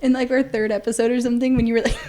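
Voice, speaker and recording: A woman's voice: on the high side, level tone, very fast, dark tone, slight background noise. A woman co-hosting a podcast, telling stories in a giggly, casual chat. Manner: giggly, storytelling. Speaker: podcast co-host.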